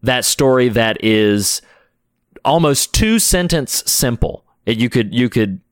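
Smooth-voiced man, enthusiastic podcast co-host. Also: medium pitch, animated, slow, no echo, studio quality. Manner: enthusiastic, heartfelt. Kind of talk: casual film discussion.

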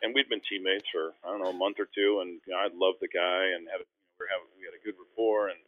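Fast-talking man on a phone-like line. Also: low voice. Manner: animated, acts out quotes in varied voices. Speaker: former pro basketball player, guest. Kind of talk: casual storytelling. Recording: phone-like, dry.

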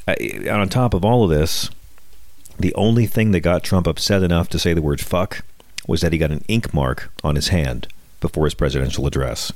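Very deep-voiced sardonic male podcast host. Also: normal speed, dry recording. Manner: sardonic, wisecracking, lots of restarts. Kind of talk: comedic political monologue.

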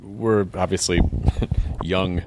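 A man's voice: sits low, fairly even intonation, slow, background noise. An American man hosting an interview, rambling and hesitant with joking asides. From United States. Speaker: talk show host. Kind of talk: casual interview chat.

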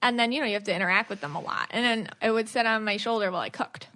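A woman podcast host and psychic medium in casual chat, talking in an animated, rambling way with frequent restarts. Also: mid-range voice, very fast.

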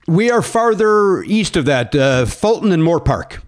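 Animated, lively comedic podcast host. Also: male voice, fairly high pitch, a little slow. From Illinois. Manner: animated, laughing storyteller. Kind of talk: casual comedic interview chat.

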